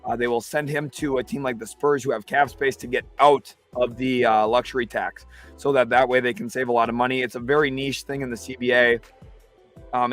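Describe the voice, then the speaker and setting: A man hosting a live basketball talk stream, reading viewer comments and breaking down trades. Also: medium pitch. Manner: excitable, reads chat comments aloud. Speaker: livestream host.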